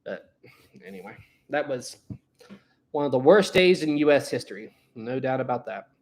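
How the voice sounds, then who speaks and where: A man's voice: medium pitch, animated, normal speed, darkish tone. A young man hosting a casual livestream, rambling and laughing often as he reads out chat messages. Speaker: livestream host. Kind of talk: casual live chat reading Super Chats.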